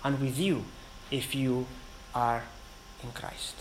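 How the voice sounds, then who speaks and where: A man preaching a sermon in an earnest, emphatic way, with dramatic pauses between phrases. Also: mid-range voice, steady tone, a little hiss or hum, low-quality recording.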